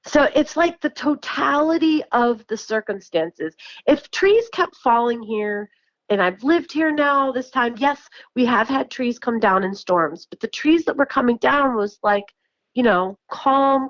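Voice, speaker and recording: A woman's voice: a little high, expressive, measured pace, no echo, low-quality recording. A woman from New York casually telling her story in a chatty way, with frequent laughs, fillers and restarts. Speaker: guest recounting encounters.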